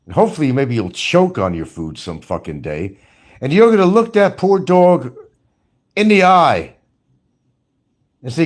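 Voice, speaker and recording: A man's voice: on the high side, sing-song, moderate pace. A man ranting angrily in commentary, swearing often and firing scolding rhetorical questions. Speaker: commentary streamer.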